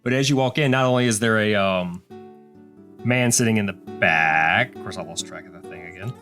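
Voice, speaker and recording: A man's voice: fairly low pitch, normal speed, sharp tone, faint music behind. A man narrating a tabletop game as game master, describing scenes in a loose, casual way.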